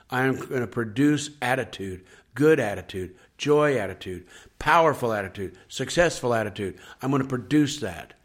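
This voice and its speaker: A man who is a pastor, talking earnestly on a faith podcast, repeating his points and acting out people's complaints. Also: mid-range voice. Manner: earnest, repetitive preaching with acted-out complaining quotes.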